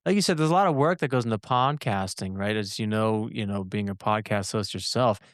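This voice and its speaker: A man hosting a podcast interview, relaxed and agreeable, swearing casually as he chats. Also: lowish voice, a little fast, dry recording, clean studio sound. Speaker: podcast host.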